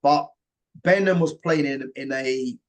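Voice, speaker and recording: A man's voice: mid-range voice, unhurried. A man hosting a casual football chat, talking in an emphatic, opinionated way. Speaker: host.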